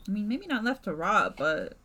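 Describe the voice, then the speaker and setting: A woman streamer reading a spooky game's narration aloud in a measured, softly dramatic way. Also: mid-range voice, sing-song.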